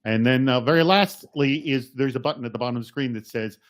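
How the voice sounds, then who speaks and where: A man's voice: mid-range voice, quick pace. Guy hosting a live webcast, upbeat and rambly, fixes his own slips. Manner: energetic, rambling, self-correcting. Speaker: host.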